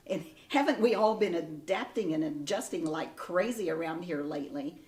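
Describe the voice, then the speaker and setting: A woman's voice: fairly low pitch, moderate pace, hardly any pauses. Distant woman giving encouraging advice. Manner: storytelling, gentle and encouraging. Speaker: ceremony speaker. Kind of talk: heartfelt advice speech. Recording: echoey room, distant mic.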